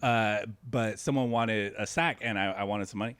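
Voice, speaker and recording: A man co-hosting a comedy podcast, telling a story in animated street slang and laughing as he goes. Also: lowish voice, moderate pace, smooth, no room sound. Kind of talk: casual storytelling. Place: podcast studio.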